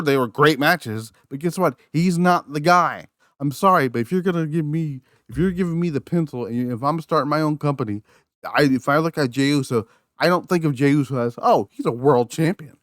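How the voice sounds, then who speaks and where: This solo podcast host delivers a furious, profane rant review, full of repeated words and restarts. His voice is medium-pitched and fairly bright, recorded at studio quality with no room sound.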